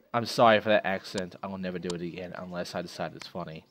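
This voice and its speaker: A man's voice: sits low, steady tone, fast talker, few pauses, fairly bright tone, no room sound. A young man hosting a let's play, reading game items aloud with profane, jokey, self-mocking asides. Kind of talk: casual gameplay commentary, reading items aloud.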